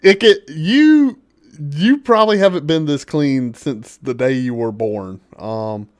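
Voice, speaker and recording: A man's voice: on the high side, lively intonation, slow pace, no room sound, clean studio sound. Brief chatty man running a tabletop game. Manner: rambling descriptive narration with frequent fillers and chuckles. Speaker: dungeon master.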